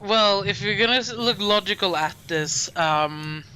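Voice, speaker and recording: A man co-hosting a horror movie podcast in casual chat, laughing often and pausing with ums. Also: high-pitched, pushed and bright, slight background noise, poor audio. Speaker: podcast co-host.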